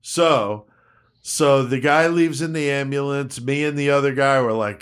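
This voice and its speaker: A man's voice: mid-range voice, a little slow, smooth. Profane storyteller, a man acting out every line he quotes. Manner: profane, animated, acts out quotes. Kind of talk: casual storytelling.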